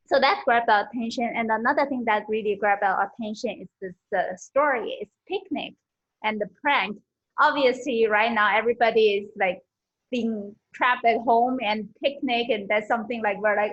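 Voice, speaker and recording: A woman giving a friendly, halting speech evaluation at an online club meeting, with many fillers, over a video call. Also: a little high, fairly bright tone. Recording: dull lo-fi video call audio.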